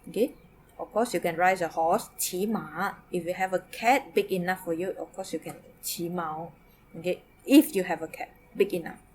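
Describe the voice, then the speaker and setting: A woman's voice: on the low side, moderate pace, darkish tone, a little hiss or hum. A woman from Malaysia with a Malaysian English accent, teaching a Mandarin lesson. She mixes English, Malay and Mandarin and says "okay" again and again. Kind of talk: recorded online lesson.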